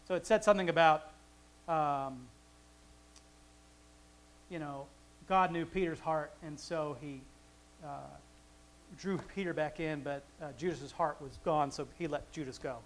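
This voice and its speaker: A man's voice: a little high, unhurried, long pauses, a little hiss or hum, low-quality recording. Chuckling man teaching the Bible casually. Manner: conversational, chuckling asides, frequent restarts.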